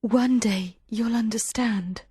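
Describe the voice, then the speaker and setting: A man voicing a young woman, a singer, in a high, soft, pleading falsetto in an audiobook. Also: slow, slightly rough, dry recording, clean studio sound, heavily acted. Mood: gentle. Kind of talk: audiobook character voice.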